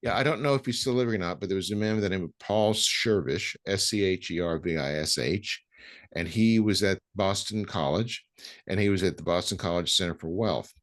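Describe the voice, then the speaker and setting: Deep-voiced host, halting and emphatic. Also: male voice. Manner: hesitant, many ums and restarts, emphatic. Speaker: podcast host. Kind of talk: conversational interview.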